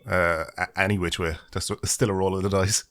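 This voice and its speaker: Deep-voiced man in his thirties, dry wit. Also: fairly even intonation, fairly quick, fairly bright tone. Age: 30s. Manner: dry, self-mocking humour. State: groggy morning voice. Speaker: guest. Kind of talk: casual chat.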